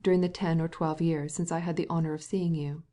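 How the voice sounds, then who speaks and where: A woman's voice: low-pitched, flat delivery, a little fast, mellow, lightly acted. A woman voicing an ironic elderly prince in an audiobook, with dry, wry remarks. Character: blunt, ironic elderly male prince, a father.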